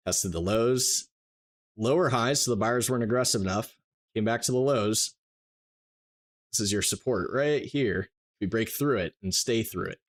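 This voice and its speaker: Man explaining trades fast and emphatically. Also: on the low side. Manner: rapid, emphatic explaining with mock inner voices. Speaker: trading educator. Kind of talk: live stream chart walkthrough.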